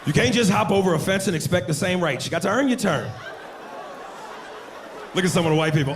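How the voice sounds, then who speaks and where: A man doing brash, profane stand-up comedy on a club stage, loud and punchy. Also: high voice, expressive, fairly quick, long pauses. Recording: live club recording with loud crowd and noise.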